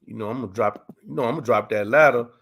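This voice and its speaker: Talking at a racing pace, this Texan man hosts a laid-back livestream Q and A, his speech full of street slang and repeated "you know what I'm saying." His medium-pitched voice is gravelly, slightly rough and a bit bright.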